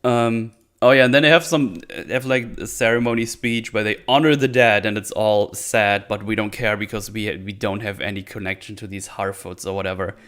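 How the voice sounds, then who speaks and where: A man casually recapping a TV episode, sarcastic and swearing a lot, acting out characters in quick silly voices. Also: fairly low pitch, fairly even intonation, fairly bright tone. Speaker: show host. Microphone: desk microphone on an arm.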